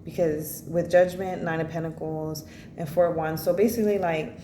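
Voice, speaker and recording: A woman's voice: sits low, fairly even intonation, moderate pace, warm tone. A woman giving a casual spoken tarot reading, blunt and rambling, swearing freely and filling her talk with "you know" and "like.". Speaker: tarot reader. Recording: echoey room with faint noise.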